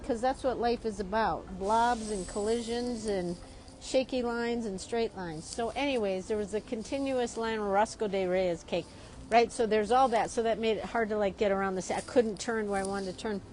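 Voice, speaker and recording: A woman from Chicago, a drawing teacher, telling a story in a lively, chatty way while she draws. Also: mid-range voice, moderate pace, a little hiss or hum. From Chicago, USA. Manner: lively, keeps asking "right?".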